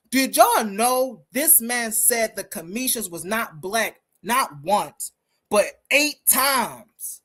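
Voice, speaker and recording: A woman hosting a live-stream rant, her voice sitting a little higher than most. She talks emphatically and combatively, throwing her points straight at the listeners. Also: a bit bright. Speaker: host.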